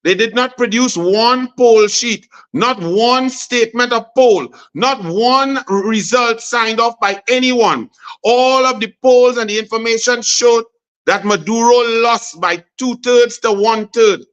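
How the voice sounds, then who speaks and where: A man's voice: very high-pitched, measured pace, fairly bright tone, smooth, dull audio. A man with a Trinidadian accent giving a fiery political speech, piling up emphatic lists and repeated phrases. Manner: fiery, repetitive listing, emphatic. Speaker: senator.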